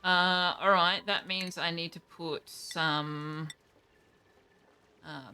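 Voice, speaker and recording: A young woman streaming a game, chatting casually and thinking aloud, reacting with quick surprise to what happens. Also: fairly low pitch, fairly even intonation, pushed and bright, smooth, soft background music. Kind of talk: casual live gameplay commentary.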